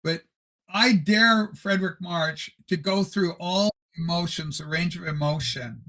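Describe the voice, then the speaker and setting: A man hosting a casual livestream chat from a desk mic, rambling and animated. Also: sits high, unhurried, dry recording. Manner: rambling and animated, with many fillers. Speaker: livestream show host. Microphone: desk microphone.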